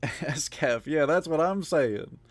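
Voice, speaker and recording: A man's voice: on the high side, expressive, measured pace. A man streaming live, chatting casually with viewers in a rambling way, full of fillers, frequent swearing and easy laughs. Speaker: livestreamer.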